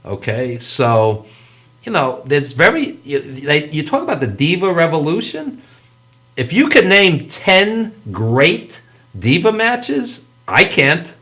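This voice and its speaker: A man's voice: a little high, slow pace. A middle-aged man hosting a casual interview, opinionated and talkative. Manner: lively, opinionated, fillers and restarts. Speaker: host.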